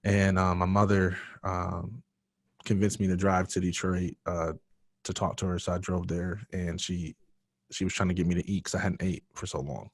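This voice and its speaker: A man with a very low voice tells his own story as a podcast guest, earnest and emotional. The sound is dry and close, with no room around it. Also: little pitch movement, normal speed, creaky, slightly rough, no room sound. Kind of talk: personal storytelling in a podcast interview.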